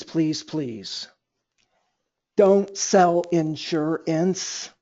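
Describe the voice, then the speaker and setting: A man's voice: sits high, dark tone. A man running a sales training webinar, talking energetically and acting out both sides of phone calls. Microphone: computer mic on a webinar. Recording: dull lo-fi webinar audio.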